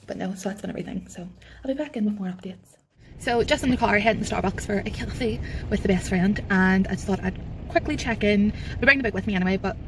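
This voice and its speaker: Young woman, book vlog chatter, rapid rambling recap, mid-pitched voice, faint background hum. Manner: rambling plot recap, full of "like" and quick quotes. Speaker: book vlogger. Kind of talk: casual reading vlog. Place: partly in a car.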